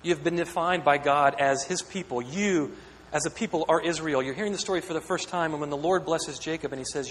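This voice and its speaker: Higher-voiced man preaching in an echoey hall. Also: brisk, hardly any pauses, a bit bright. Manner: earnest, questioning, repeats words while building a point. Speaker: pastor. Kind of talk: sermon. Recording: echoey hall with long reverb, faint hum.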